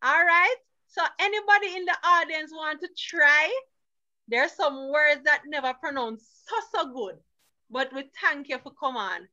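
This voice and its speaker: A woman's voice: high voice, moderate pace, sharp tone. A woman hosting an online reading competition, coaxing and upbeat as she calls on people by name. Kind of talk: encouraging moderator on a video call. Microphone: video call. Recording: dull lo-fi online call audio.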